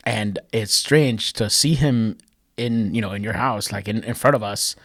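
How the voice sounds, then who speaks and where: A man in his thirties co-hosting a casual podcast, telling stories with loud, laughing acted quotes and plenty of swearing. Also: lowish voice, a little slow, dry recording, clean studio sound. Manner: animated storytelling, acts out quotes with loud laughing shouts. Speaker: podcast co-host. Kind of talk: casual chat. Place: Chicago.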